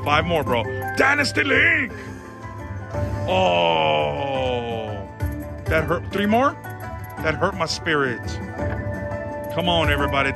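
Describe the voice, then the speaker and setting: A man giving excited live commentary as he plays slots in a casino, pleading with the machine and making dramatic exclamations. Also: fairly high pitch. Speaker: slot machine vlogger. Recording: loud casino slot machine music behind. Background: slot machine music.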